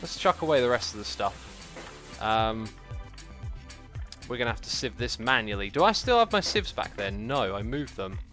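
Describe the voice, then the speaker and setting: A man's voice: medium pitch, normal speed, soft background music. A man hosting a game livestream, chatting casually in a rambling, jokey way with lots of fillers. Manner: excitable outbursts, playful and jokey. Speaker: livestream host playing a game. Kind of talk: casual gaming commentary.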